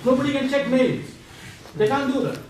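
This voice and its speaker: A man lecturing a class, animated and quizzing students with playful asides. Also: extremely high pitch, moderate pace. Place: large echoey lecture room. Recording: echoey classroom from far off, faint hiss.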